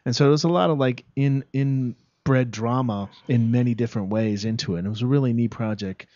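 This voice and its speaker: A man's voice: medium pitch, a little fast, warm tone, no room sound, highs cut off. A man, an actor guest, chatting casually in an interview and rambling with lots of fillers and restarts.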